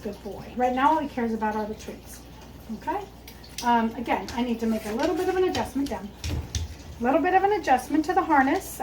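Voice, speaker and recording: A woman with a high voice walks through a dog-training lesson, explaining each move as she makes it. She stops now and then to praise the dog softly. Faint background noise sits under her voice. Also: poor audio. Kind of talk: instructional demonstration.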